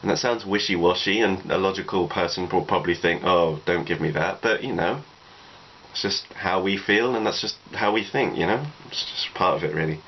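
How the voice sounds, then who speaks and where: A vlogger in his twenties, whose voice sits low, talks a little fast through personal advice. His casual monologue is reflective and rambling, leaning heavily on "you know." The recording is dull and lo-fi with faint noise.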